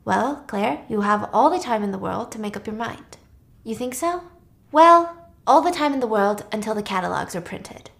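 A woman's voice: on the high side, expressive, moderate pace, creaky, a bit bright. A woman voicing a stubborn, aging male art dealer in a casual retelling, speaking in a raised, emphatic voice. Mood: gentle.

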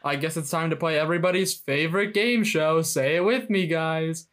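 A man's voice: on the high side, normal speed, a bit bright. A man co-hosting a casual podcast, joking around with mock campaign speeches. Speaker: podcast co-host.

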